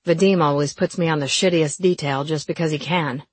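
Woman doing a young man, joking, guarded, low-key, dry teasing, husky, dry close audio. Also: fairly even intonation, brisk, dry recording.

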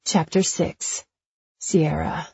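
Husky, gravelly woman narrating an audiobook. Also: low voice, fairly even intonation, drawn-out words, dark tone, dry recording, highs cut off. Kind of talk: first-person romance narration.

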